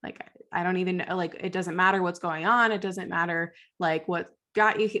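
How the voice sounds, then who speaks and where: A woman's voice: on the low side, steady tone, normal speed, hardly any pauses, pushed and bright. A chatty woman co-hosting a casual podcast, with a voice sitting a little below the usual. She draws on her counseling work and fills her sentences with "like", breaking into easy laughs. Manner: chatty, peppered with "like", laughs often. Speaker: podcast co-host, school counselor.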